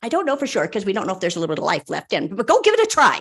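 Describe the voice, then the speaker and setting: A woman doing a brisk, wise old woman made young. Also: medium pitch, wildly swooping pitch, voice pushed down. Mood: instructive.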